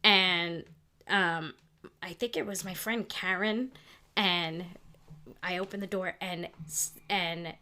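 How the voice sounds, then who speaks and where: A middle-aged woman co-hosting a couples podcast, telling high school stories in an animated way and laughing along. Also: slow. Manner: animated, laughs through her own stories. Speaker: podcast co-host. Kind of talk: casual storytelling chat.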